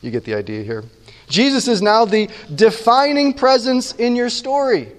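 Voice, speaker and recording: A pastor giving a conversational sermon, often checking in with the room with quick questions. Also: male voice, extremely high pitch, animated, big-room sound.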